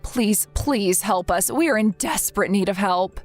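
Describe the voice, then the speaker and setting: A woman's voice: medium pitch, animated, moderate pace, close to an everyday voice. A woman reading the lines of an overworked young wife and mother who apologizes and pleads for help, in a scripted text-message story. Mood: pleading. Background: faint background music.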